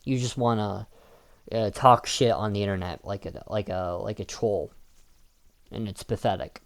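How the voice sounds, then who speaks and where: A man's voice: fairly low pitch, normal speed, gravelly. A man delivering an argumentative opinion monologue in a combative manner, with frequent restarts and filler ums. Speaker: video commentator.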